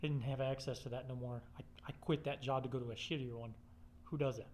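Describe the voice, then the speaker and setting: A man's voice: mid-range voice, fairly even intonation, quick pace, a little mellow, slight background noise. A man telling a rambling personal story in casual, profane, blunt speech.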